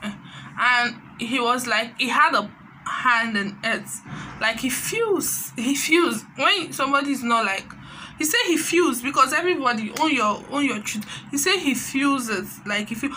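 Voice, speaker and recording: A Nigerian woman vlogger recaps reality-show drama in a loose, gossipy way. She sounds animated and chatty and slips Pidgin into her talk. Her voice is bright and sits a little high. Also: slight background noise, rough recording.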